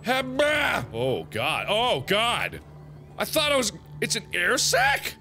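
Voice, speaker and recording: A man's voice: extremely high pitch, huge pitch swings, slow pace, bright, forceful tone. A man commentating his own gameplay, nervous and easily startled, with panicky exclamations and nervous laughs. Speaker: let's play host. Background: game music.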